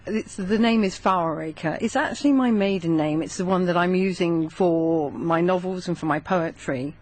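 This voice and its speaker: A middle-aged woman from England, a guest author on a radio interview in a studio, chatty and quick to laugh. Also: fairly low pitch, darkish tone.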